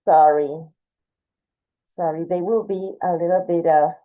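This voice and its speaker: A woman's voice: fairly low pitch, steady tone, measured pace. Woman art teacher, walks through the drawing step by step, thin phone-like sound. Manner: patient, explains step by step, talks while drawing. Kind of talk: drawing lesson, demonstrating. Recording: tinny phone-like audio.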